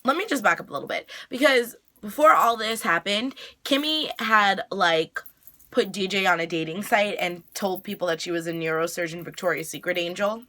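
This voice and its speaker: A woman's voice: medium pitch, normal speed, sharp tone. A woman hosting her own review vlog, recapping a TV episode in a chatty way with lots of "like" and "you know". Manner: chatty, filler-heavy retelling with frequent "like". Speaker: TV review vlogger.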